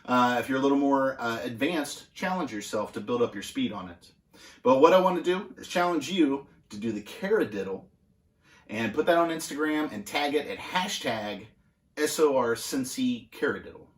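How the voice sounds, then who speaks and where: Male drum instructor, mid-pitched, easygoing and full of fillers; roomy echo. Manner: relaxed, halting with many fillers. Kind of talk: casual instructional demonstration. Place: music school practice room.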